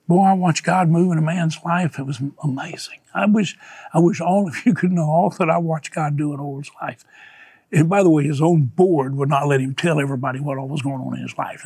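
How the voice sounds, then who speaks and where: In a conversation, an older evangelist guest recounts stories with fervor and emotion, leaning on repeated phrases for emphasis. He sounds a little high and slightly rough, with a darkish tone and no room sound.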